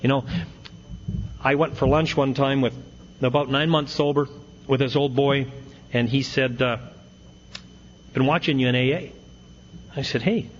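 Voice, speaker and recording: A middle-aged AA speaker tells a self-mocking recovery story with wry humor to an audience in a meeting hall. His mid-range voice stays fairly even, unhurried, with long pauses, captured on dull lo-fi tape with faint hiss.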